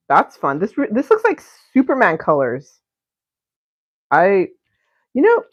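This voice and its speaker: A woman's voice: low voice, very animated, normal speed, long pauses, dry recording. A woman hosting a live stream while she paints at home, talking in a rambling, giggly, profane way and often cutting herself off. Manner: rambling, giggly and profane, with frequent self-interruptions. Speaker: livestream painter and host. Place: home studio. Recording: dull lo-fi stream audio.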